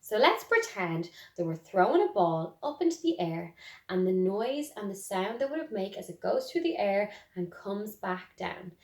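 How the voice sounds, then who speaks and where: A woman with an Irish accent teaching a music lesson to young children, speaking gently and encouragingly and singing demonstrations. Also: mid-range voice, very animated, normal speed. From Ireland. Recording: roomy echo.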